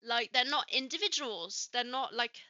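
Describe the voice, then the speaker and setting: A woman's voice: a little high, moderate pace, bright, forceful tone, no room sound, highs cut off. A woman from Switzerland with a light Swiss French accent, co-hosting a casual chat and swearing freely as she acts out the people in her stories. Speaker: podcast co-host.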